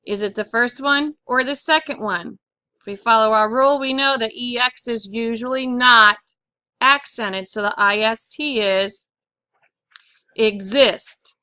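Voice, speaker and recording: A woman teaching a phonics lesson, spelling out letters one by one in a slow, deliberate way and clearing her throat now and then. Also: fairly high pitch, pushed and bright, no echo. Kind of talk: classroom lesson on syllable accent.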